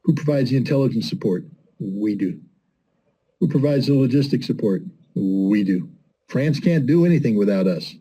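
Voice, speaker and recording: A man's voice: medium pitch, animated, moderate pace, warm tone, rough recording. A middle-aged man giving blunt, impassioned political commentary, full of rhetorical questions and mocking quotes. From United States.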